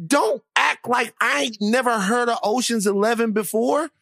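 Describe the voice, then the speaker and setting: A man co-hosting a podcast in casual chat, a teasing, animated storyteller who acts out what others said. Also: very high-pitched, normal speed, creaky, no echo, clean studio sound. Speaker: podcast co-host.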